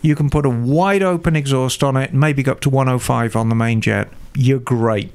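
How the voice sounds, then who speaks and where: A man's voice: mid-range voice, moderate pace, a little mellow, clear, resonant tone. An older man explaining motorcycle carburetor tuning with confidence, step by step, in a casual chat. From England. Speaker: motorcycle mechanic expert.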